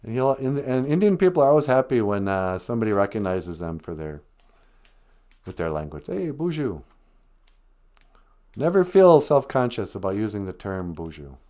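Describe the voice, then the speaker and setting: A man's voice: fairly low pitch, a little fast. A man hosting a live stream, chatting casually and telling stories with playful quoted voices. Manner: animated storytelling with laughs and put-on quotes. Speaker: host.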